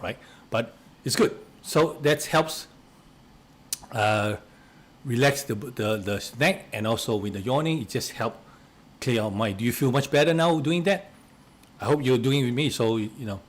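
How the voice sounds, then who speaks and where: Hesitant man guiding relaxation exercises. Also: medium pitch. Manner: hesitant, repeats and restarts words; coughs and clears throat now and then. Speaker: relaxation instructor.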